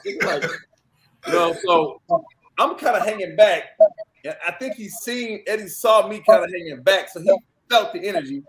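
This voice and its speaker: A man guest on a podcast, telling a lively, profane story and acting out other people's lines. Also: high-pitched, moderate pace, a loud crowd. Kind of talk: animated anecdote on a podcast.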